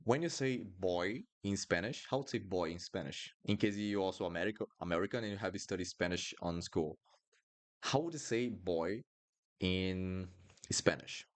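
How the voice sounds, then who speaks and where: A man teaching a live online lesson, drilling sounds slowly and asking viewers questions. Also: deep voice. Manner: lively and encouraging, drills sounds slowly, asks the chat questions. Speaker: Portuguese teacher.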